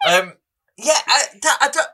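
Lively bright-voiced man laughing. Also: very high voice, normal speed. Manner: laughing, animated, jokey. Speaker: podcast co-host. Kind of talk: casual film review chat.

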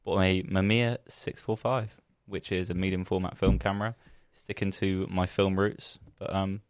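A man's voice: low voice, level tone, moderate pace, dry recording, clean studio sound. A man, a photographer, chatting casually and explaining things hesitantly, step by step. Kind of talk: casual chat.

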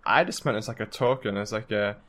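A man's voice: lowish voice, fairly quick, a bit bright. A man playing in a tabletop game, answering briefly in a laid-back way. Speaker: player. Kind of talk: casual play.

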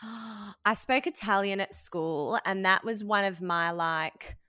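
A woman's voice: medium pitch, slow, pushed and bright, smooth, no echo, clean studio sound. A woman hosting a podcast, chatting enthusiastically and laughing along with her guest. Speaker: podcast host. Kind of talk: casual podcast interview.

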